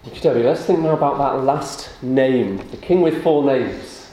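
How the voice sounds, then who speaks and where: A man leading a church service, praying and then giving a lively children's talk with questions. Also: mid-range voice, normal speed, hardly any pauses, slight background noise. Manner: animated with children, rising and warm questions. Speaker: pastor. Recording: echoey church room with faint ambience.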